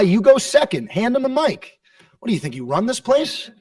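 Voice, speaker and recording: A man's voice: high-pitched, big pitch swings, moderate pace, a little mellow, dry recording. A man answering press questions as a wrestling champion, brash and profane, bragging with heavy sarcasm. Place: press conference room. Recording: dry sound from a distant mic.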